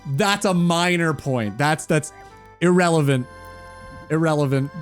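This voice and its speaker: A man's voice: fairly high pitch, a little slow, soft background music. A man chatting casually on a gaming stream, teasing and mock-incredulous.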